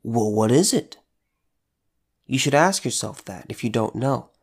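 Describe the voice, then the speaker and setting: Man preaching casually, earnest, normal pitch, says stuff twice for emphasis. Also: expressive, unhurried, breathy edge. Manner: earnest, conversational, with repetitions and restarts. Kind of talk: informal devotional teaching.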